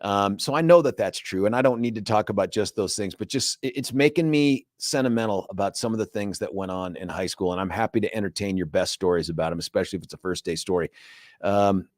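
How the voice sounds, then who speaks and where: A middle-aged man hosting a radio talk show, telling stories in a jokey, animated way with laughs. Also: on the low side, fast talker, no room sound, clean studio sound. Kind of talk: casual radio chat. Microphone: studio microphone.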